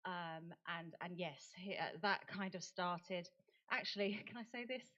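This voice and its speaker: A middle-aged British woman, a conference speaker and advocate, gives a talk at a conference venue in a chatty, self-deprecating way, laughing often. Her fairly low voice is measured, pushed and bright, and the recording is muffled.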